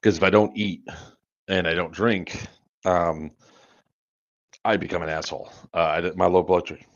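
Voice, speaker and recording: A man's voice: deep voice, flat delivery, normal speed, no room sound. A man hosting a charity livestream, telling casual, profane, rambling stories with frequent laughs. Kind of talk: casual anecdote storytelling. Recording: dull lo-fi stream audio.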